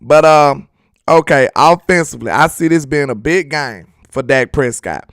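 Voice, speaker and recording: A man's voice: on the high side, normal speed, a bit bright, dry recording, studio quality. A young man hosting a casual football livestream, talking loosely to his chat and laughing often. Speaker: sports channel host.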